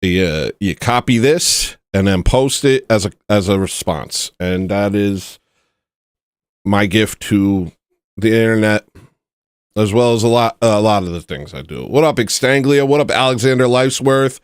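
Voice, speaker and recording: A man's voice: on the low side, unhurried, clean tone, dry recording, studio quality. A man hosting a casual livestream chat, rambling and joking at his own expense. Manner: rambling, joking, self-mocking. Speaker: livestream host.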